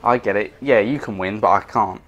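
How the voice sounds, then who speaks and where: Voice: medium pitch, fairly quick, a bit bright, highs cut off. A player giving let's-play commentary, laughing often and joking wryly about losing. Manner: laughs often, wry and self-mocking. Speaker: video game player.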